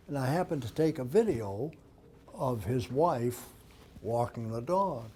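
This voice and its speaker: Older man, dog-behavior speaker, unhurried storyteller with a mellow tone. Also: medium pitch, animated, a little hiss or hum. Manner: anecdotal, acts out quoted dialogue. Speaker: dog behavior expert giving an author talk. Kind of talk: storytelling talk.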